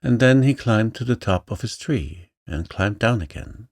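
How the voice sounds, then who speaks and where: A man narrating a bedtime story in a slow, soothing, gentle manner. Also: lowish voice, expressive, dry recording, studio quality. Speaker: audiobook narrator. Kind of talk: calm bedtime story reading.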